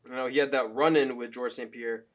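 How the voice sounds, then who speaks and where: A man's voice: mid-range voice, fairly even intonation, fairly quick. A young man giving loose, profane opinion commentary as a fan, full of fillers and laughs.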